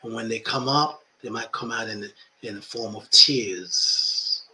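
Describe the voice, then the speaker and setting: A man's voice: on the low side, steady tone, a little slow, sharp tone. A man who is a life coach and podcast host, talking reflectively about spirituality and often repeating phrases for emphasis.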